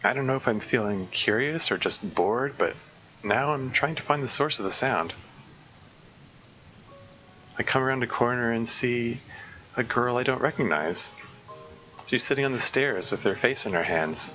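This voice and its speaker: A man at a middle pitch talking through a game playthrough as its developer, casual and self-deprecating, often stumbling and restarting his sentences. The sound is dull and lo-fi, with music playing behind him. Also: lively intonation, moderate pace, pauses often, pushed and bright. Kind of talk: let's-play narration and developer commentary.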